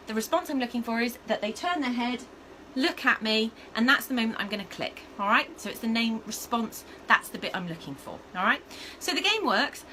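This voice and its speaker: A woman, a dog trainer giving a casual lesson to camera, chatty and animated, checking in often with "okay?" and "all right?". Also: fairly high pitch, slight background noise, rough recording. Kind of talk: casual instructional talk to camera.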